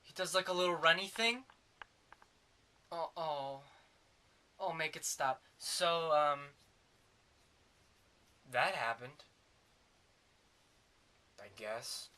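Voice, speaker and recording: A man's voice: fairly high pitch, slow pace, pauses often, bright, forceful tone. A man giving a sarcastic, rambling comedic movie review.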